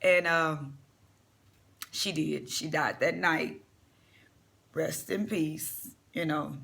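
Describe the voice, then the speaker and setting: A man's voice: a little high, steady tone, extremely slow, creaky, pushed and bright. A man giving casual vlog commentary, blunt and profane, rambling with fillers and telling a personal story. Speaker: vlogger.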